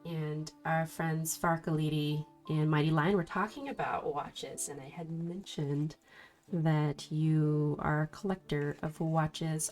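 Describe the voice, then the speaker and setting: A woman with a somewhat low voice chats casually through a livestream as she works through tarot cards. She greets her viewers affectionately. Quiet music plays faintly in the background. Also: flat delivery, slow. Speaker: streamer reading tarot cards.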